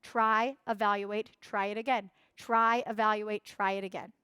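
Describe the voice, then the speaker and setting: A woman's voice: medium pitch, little pitch movement, moderate pace, sharp tone, clean tone, no room sound. A young woman leading a coaching workshop, speaking emphatically, repeating key phrases and acting out the voices of others. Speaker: workshop instructor.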